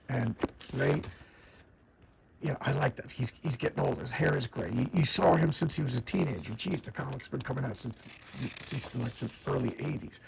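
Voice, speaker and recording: A man's voice: mid-range voice, creaky, noisy background. A man casually reviewing a comic book, enthusiastic and often stammering and repeating words.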